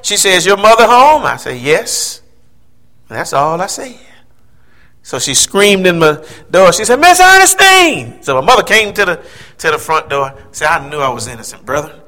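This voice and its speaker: A man's voice: fairly high pitch, normal speed. A man in his fifties telling a personal childhood story, acting out the voices of the people in it. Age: 50s. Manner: animated storyteller, acts out quoted voices.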